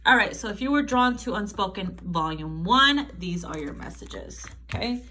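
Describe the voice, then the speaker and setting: A woman's voice: mid-range voice, expressive, normal speed, sharp tone, a little hiss or hum. A woman giving a casual tarot reading to camera, chatty and profane, often laughing and acting out quotes. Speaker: tarot reader.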